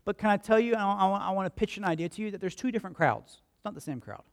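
High-voiced pastor preaching animatedly. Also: male voice, fast talker. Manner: animated storytelling, acts out voices and crowd quotes; conversational, asks the congregation questions. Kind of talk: sermon.

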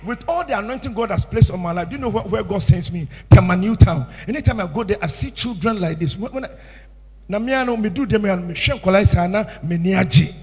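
A man with a Ghanaian English accent preaching a sermon as pastor, impassioned, swinging from hushed tones to shouts. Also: high voice, lively intonation, brisk, husky, in a large hall.

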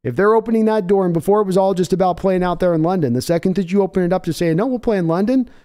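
Rambling high-voiced man hosting a stream. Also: fairly even intonation, racing, mellow. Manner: rambling, chatty, self-deprecating. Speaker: livestream host. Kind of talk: casual livestream chat.

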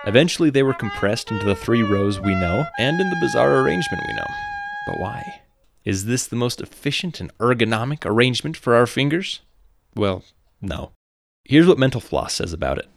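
A man's voice: medium pitch, lively intonation, fairly quick, soft background music. A man with a general American accent, reading a scripted podcast narration with wry, conversational asides. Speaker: podcast host.

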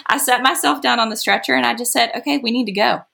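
A woman's voice: fairly high pitch, fast talker, gravelly, sharp tone. A woman, a podcast guest talking through a personal story in a chatty way and laughing often. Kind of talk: casual storytelling.

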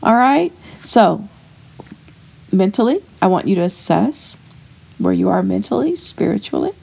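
Brief: devotional podcast host, a woman in her fifties, earnest and homey, gravelly middle-pitched voice. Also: big pitch swings, a little slow, dark tone. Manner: earnest and homey, with frequent fillers and restarts. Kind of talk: casual faith encouragement talk.

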